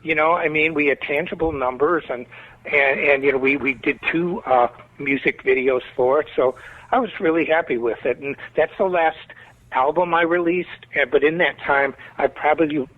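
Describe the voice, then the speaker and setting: Chicago man, guest musician, rambling storyteller; husky voice on a tinny remote line. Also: a little high, normal speed. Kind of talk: casual interview talk.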